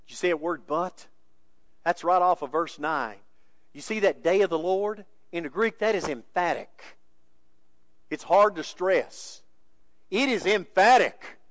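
A male pastor preaching a sermon with emphasis, moving between quiet asides and raised, insistent points. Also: on the high side, a little slow, no room sound.

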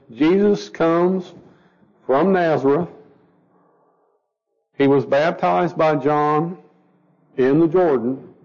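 A man's voice: a little high, long reverb tail. A man teaching a Bible study to a group, asking them questions as he goes and stumbling over words. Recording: dull lo-fi recording.

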